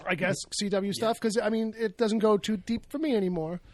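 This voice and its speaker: A man's voice: sits high, a little fast, dry recording. A man co-hosting a podcast in a loose, joking chat, acting out what other people said. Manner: animated, jokey, acts out quoted people. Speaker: podcast co-host. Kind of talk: casual chat.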